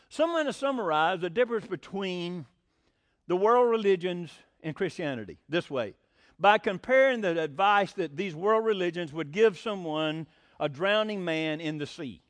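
A man's voice: sits high, a bit bright, no room sound, clean studio sound. A man preaching a sermon, folksy and blunt, with sarcastic asides.

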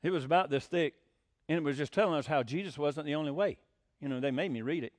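A man's voice: fairly high pitch, fast, dry recording. A man preaching a sermon, folksy and blunt, with sarcastic asides.

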